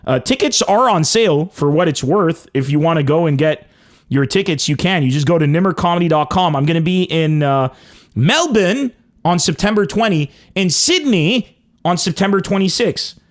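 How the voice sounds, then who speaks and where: A man hosting a casual call-in podcast, joking with callers, swearing freely and tossing off quick asides. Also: a little high, lively intonation. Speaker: podcast host taking calls.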